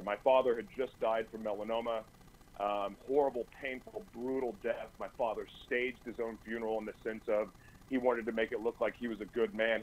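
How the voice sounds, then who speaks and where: A man's voice: medium pitch, a little hiss or hum, rough recording. A man as a radio talk show guest, giving an earnest, intense personal testimony in a studio, often stumbling over and repeating his words. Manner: earnest, intense storytelling with stammered restarts.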